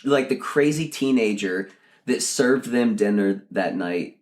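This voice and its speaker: Deep-voiced man, rambling and laughing. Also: expressive, measured pace. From Texas. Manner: rambling with many fillers and laughs. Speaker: podcast co-host. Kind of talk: casual storytelling chat.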